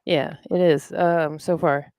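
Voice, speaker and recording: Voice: mid-range voice, steady tone, slow, a little mellow, clear, resonant tone, no echo, clean studio sound. A podcast host chatting casually, rambling and talking to themselves while looking things up. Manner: rambling, talks to self while browsing. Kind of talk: casual chat.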